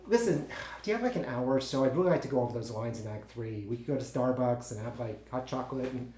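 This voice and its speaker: An actor playing an insecure, easily frustrated young stage actor in his twenties, who talks in halting, stammering bursts to partners the audience never hears. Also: mid-range voice, darkish tone, lightly acted. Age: 20s. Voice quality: stammering, halting, full of restarts. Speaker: actor in a one-man play. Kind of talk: solo stage monologue, talking to unseen partners. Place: theatre stage. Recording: roomy theatre sound.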